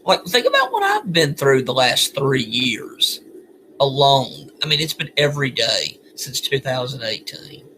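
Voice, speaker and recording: A man's voice: mid-range voice, wildly swooping pitch, a little slow, sharp tone, slight background noise. A man venting alone at home at night, weary and bitter, sighing often. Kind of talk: venting monologue.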